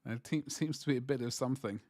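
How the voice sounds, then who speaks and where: A man's voice: medium pitch, quick pace, darkish tone. A man chatting casually to viewers on a livestream as he paints miniatures, rambling and joking in asides.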